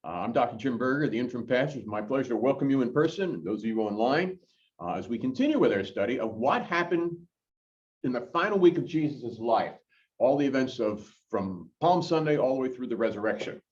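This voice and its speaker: A male pastor teaches a Bible study to a live group in a church chapel. His voice rises and falls in an animated, conversational way, full of fillers. He sounds a bit far from the mic, and the sound is dull and muffled. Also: medium pitch, fairly quick. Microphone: corded mic, worn while moving about.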